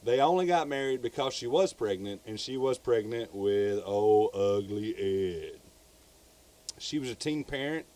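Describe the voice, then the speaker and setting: A man's voice: on the low side, animated, a little slow, a little mellow. A man with a Southern US accent, co-hosting a podcast and casually telling a true crime story. He rambles, repeats words and swears freely.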